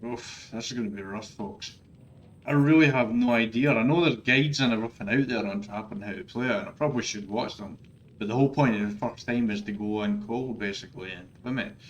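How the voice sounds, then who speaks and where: A man's voice: on the low side, brisk, lo-fi sound, a little hiss or hum. A man giving frustrated, ranting commentary over his own gameplay, swearing often. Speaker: gaming streamer.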